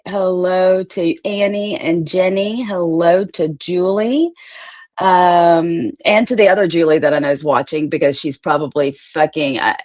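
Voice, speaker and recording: A woman talks on her own livestream in a casual, rambling way. Her voice sits a little low, and she greets viewers by name and swears without a second thought. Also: darkish tone. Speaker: livestream host.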